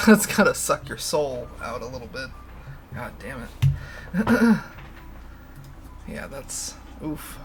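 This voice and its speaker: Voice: medium pitch, sing-song, slow pace, pauses often, noisy background. A livestream host chatting casually, rambling and candid, laughing often and swearing freely. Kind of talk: casual stream chat.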